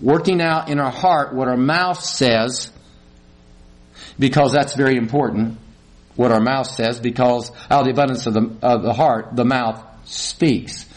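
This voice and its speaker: A man's voice: mid-range voice, fairly even intonation, measured pace. A middle-aged male pastor gives a conversational sermon, asks the congregation questions and acts out small quarrels.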